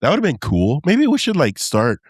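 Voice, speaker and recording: A man's voice: on the high side, huge pitch swings, slightly rough, no room sound, studio quality. A man co-hosting a casual podcast, playful and joking as he steers the talk. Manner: playful, joking, quick to laugh. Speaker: podcast co-host.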